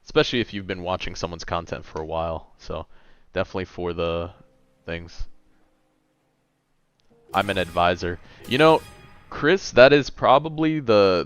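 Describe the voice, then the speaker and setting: A man's voice: low-pitched, steady tone, moderate pace, clear, resonant tone, no echo, lo-fi sound. A man in his late twenties chatting casually and a little tiredly on a gaming livestream, reading and answering chat. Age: late 20s. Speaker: gaming streamer.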